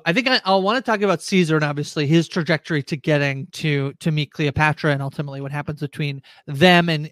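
A man co-hosting a recap podcast, speaking in a fairly high voice. He stays relaxed and amused, chuckling as he retells scenes. The sound is close and dry. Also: dry recording. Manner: relaxed, amused, laughs at his own retellings. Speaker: podcast co-host. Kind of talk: casual recap chat.

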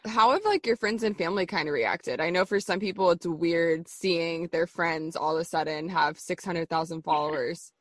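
Young female podcast host, friendly questioner, low pitch, dead-dry sound. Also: no room sound. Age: young adult. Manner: friendly, asks questions, quick laughs. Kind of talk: casual interview chat.

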